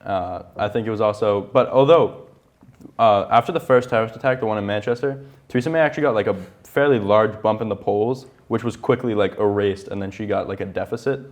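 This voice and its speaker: A man's voice: on the low side, a little fast. A teenage boy talking in a student panel, rambling with many likes and uhs. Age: teens. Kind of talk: casual panel discussion.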